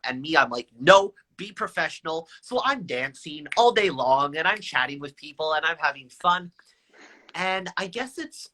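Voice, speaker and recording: A man in his twenties, a guest telling stories in a live video chat with high energy and a playful, self-mocking manner. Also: pushed and bright.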